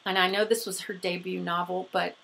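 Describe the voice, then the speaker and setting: Bright chatty lady gushing over her books on her vlog. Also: lowish voice, level tone, brisk, creaky. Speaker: book vlogger. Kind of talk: casual book haul chat.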